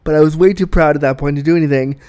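A man's voice: fairly high pitch, fairly even intonation, racing, warm tone, clean tone. A Canadian man hosting a podcast, telling candid stories in a profane, self-mocking way and laughing at his own jokes. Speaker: podcast host. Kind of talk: candid storytelling monologue.

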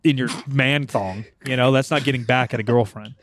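A man's voice: medium pitch, steady tone, fairly quick, dry recording, clean studio sound. A young man hosting a podcast in casual banter, teasing and swearing. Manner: teasing, profane, joking. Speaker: podcast host.

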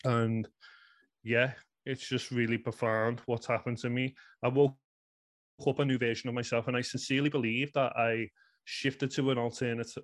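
This English guest, a man in his thirties with a Liverpool accent, has a mid-range voice with little pitch movement and a normal pace. Earnest and rambling, he recounts something personal, leaning heavily on "you know."

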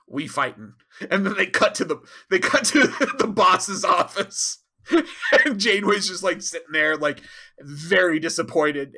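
A man co-hosting a podcast, telling a rambling, animated recap with frequent asides. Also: high voice, moderate pace. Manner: rambling, animated, laughs often. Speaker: podcast co-host. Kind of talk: casual recap chat.

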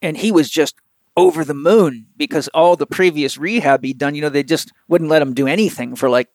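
A man who works as a physical therapist telling a long, animated anecdote in an interview, rambling with lots of fillers. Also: a little high, a little fast, no room sound. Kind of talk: storytelling in an interview.

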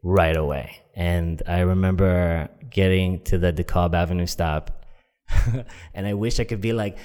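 A man's voice: sits low, fairly even intonation, moderate pace, a little mellow. A man telling a personal story in a casual, rambling way, with lots of fillers. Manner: rambling, many fillers, acts out quoted voices. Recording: long echoey reverb.

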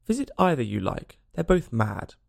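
A man reading aloud and voicing a grinning talking cat that speaks slowly and calmly with a teasing air. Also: mid-range voice, creaky, no room sound, studio quality. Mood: sly. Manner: slow, calm and teasing.

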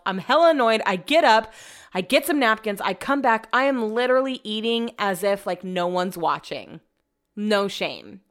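A woman's voice: medium pitch, clean tone. A young woman casually telling a long story, chatty and profane, acting out what people said. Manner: chatty, profane, animated retelling. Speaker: vlogger.

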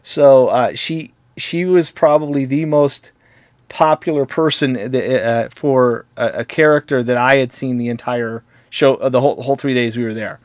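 A man of middle pitch swaps stories in an easygoing chat, wandering off on tangents and cracking small jokes. His voice sounds close and dry, with no room around it. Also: fairly even intonation, moderate pace, darkish tone, no echo. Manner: jokey, rambling, laughs at his own stories. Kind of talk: casual conversational storytelling.

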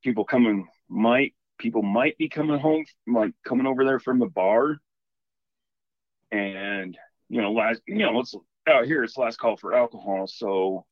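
A man calling in to tell a story in a casual, animated, rambling way. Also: mid-range voice, dry recording, highs cut off. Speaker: caller telling a ghost story.

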